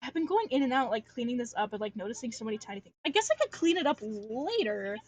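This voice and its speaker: This artist streamer is a young adult woman talking fast in a fairly high, sing-song voice with a breathy edge. She draws on a livestream while chatting casually, rambling and ranting, full of filler words and false starts.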